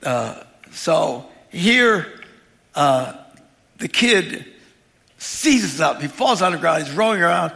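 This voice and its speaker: A man's voice: fairly high pitch, expressive, slow pace, gravelly, fairly bright tone. A man preaching a sermon as pastor, talking in a conversational way with humorous asides. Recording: long reverb of a large hall.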